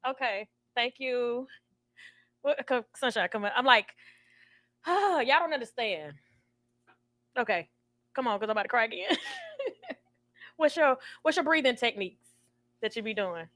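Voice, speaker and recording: A woman's voice: fairly high pitch, moderate pace, long pauses, fairly bright tone, dry recording. A woman hosting a radio talk show, chatty and emotional, laughing often. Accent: Southern US. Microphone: studio microphone.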